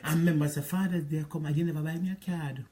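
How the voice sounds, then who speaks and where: A man's voice: a little high, steady tone, fast, darkish tone. A man with a Jamaican accent, ranting at an ex-partner in a rambling, repetitive, scolding monologue. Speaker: relationship advice vlogger.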